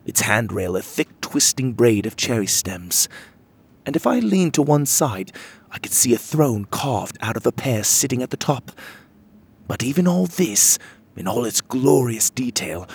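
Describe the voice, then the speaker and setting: A man narrating a fairy storybook in the first person, descriptive and lively. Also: mid-range voice, breathy edge.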